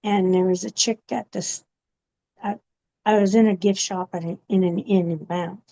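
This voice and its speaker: A woman giving a personal testimony in an interview, speaking haltingly with many pauses and fillers. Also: mid-range voice, steady tone, mellow. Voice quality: gravelly. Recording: dull, muffled recording.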